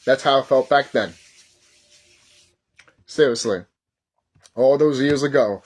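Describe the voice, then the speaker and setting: A man in his thirties talking casually in a vlog, excitable and rambling, swearing often and stumbling over his words when he gets worked up. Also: medium pitch, slow. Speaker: YouTuber. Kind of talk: casual nostalgic vlog talk.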